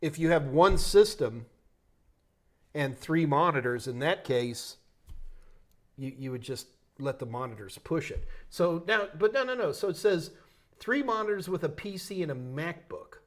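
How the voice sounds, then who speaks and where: New york guy hosting a tech q&a, kinda high voice, jokey and rambly. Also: lively intonation, a little slow. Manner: loose, joking, thinks aloud with restarts. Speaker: host answering tech questions. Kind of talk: live Q&A stream.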